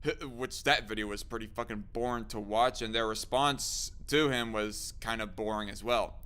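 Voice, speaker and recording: A man's voice: fairly low pitch, moderate pace, sharp tone, smooth. A man hosting a casual live stream, often laughing as he reads chat comments aloud. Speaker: streamer host.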